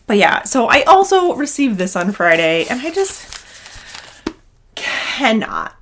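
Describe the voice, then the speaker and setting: A woman's voice: mid-range voice, big pitch swings, slow, pauses often, fairly bright tone, slight background noise. Chatty young woman vlogger, gushing, casual and unscripted. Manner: gushing, chatty, rambling with restarts. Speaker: knitting vlogger and yarn dyer. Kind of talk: casual vlog chat.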